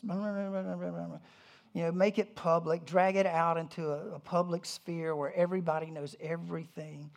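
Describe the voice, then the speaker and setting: A pastor giving a conversational sermon, animated, with humorous asides and frequent restarts. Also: medium pitch, unhurried, creaky.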